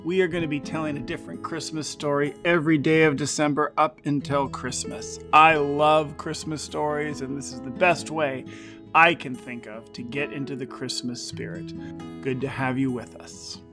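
A man hosting a daily series, reading a classic story aloud in a gentle, measured way. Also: fairly high pitch, steady tone, over music. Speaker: storyteller host.

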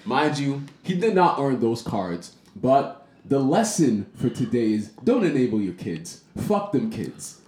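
Male podcast host, animated storyteller, roomy echoey sound. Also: unhurried. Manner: animated, swings into high-pitched voices for quoted people. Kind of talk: casual storytelling chat. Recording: roomy echo.

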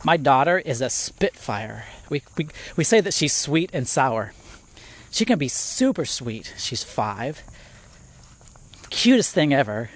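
Animated man walking and talking. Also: mid-range voice, slow. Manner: animated, thinks aloud with restarts; walking outdoors while talking. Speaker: podcast host. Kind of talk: casual devotional talk.

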